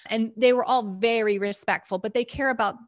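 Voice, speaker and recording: A woman's voice: on the high side, fairly even intonation, brisk, no echo, clean studio sound. A woman, a medical provider, candidly recounting her field work in an interview, in short emphatic bursts. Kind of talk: interview storytelling.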